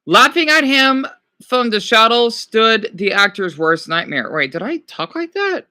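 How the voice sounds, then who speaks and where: An excitable man chatting on a stream, his voice bright and tense as he reads questions aloud. His pitch swings widely from line to line, and he breaks in with quick exclamations and replies to his chat. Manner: animated, exclaiming, talking back to chat. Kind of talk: casual reactive chat, reading quiz questions aloud.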